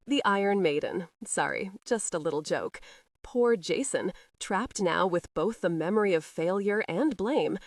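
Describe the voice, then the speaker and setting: A spirited young heiress wife who teases with a light, lilting mockery, as a woman reads her. Her voice sits in a middle range and sounds dry and close. She is sharp-tongued and sure of herself. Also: mid-range voice, no echo. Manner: playful, mocking, lilting.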